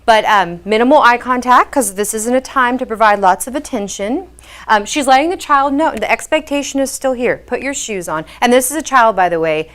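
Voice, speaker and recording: A woman's voice: on the high side, a bit bright. A woman behavior specialist giving a patient, explanatory talk to parents, with frequent fillers as she explains.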